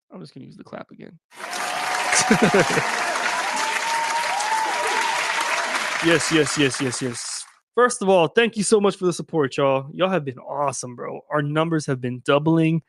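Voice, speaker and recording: A man's voice: a little high, no echo, clean studio sound. A man hosting a sports podcast alone, chatting casually and joking with his listeners in slang. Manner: loose, slangy and joking, addresses listeners directly. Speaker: podcast host.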